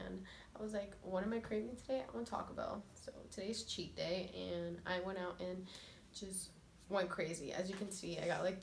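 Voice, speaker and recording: A woman's voice: medium pitch, vocal fry, a little hiss or hum. A young woman hosting a casual eating show, talking to camera in a chatty, filler-heavy way, a little nervous and giggly. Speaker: mukbang vlogger. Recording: echoey room with faint ambience.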